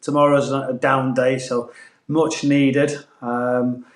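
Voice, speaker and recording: A man's voice: mid-range voice, little pitch movement, takes it slowly, reverberant. A man who grew up in northeast England, with a Manchester-tinged accent, chatting earnestly on a podcast as a former footballer. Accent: Manchester-tinged English. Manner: earnest, rambling with restarts. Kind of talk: casual podcast chat.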